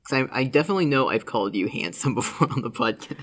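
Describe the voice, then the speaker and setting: A man's voice: medium pitch, expressive, fast talker, a bit bright. A young man co-hosting a podcast in casual chat, rambling with lots of fillers and giggles. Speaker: podcast co-host.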